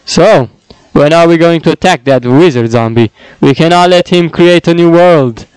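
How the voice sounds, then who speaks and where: A man's voice: a little high, normal speed, darkish tone, clear, resonant tone, no echo, close to an everyday voice, poor audio. A man voicing a dim-witted male zombie thief henchman, subservient and mumbling, read from a fan script. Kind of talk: reading fan dialogue aloud.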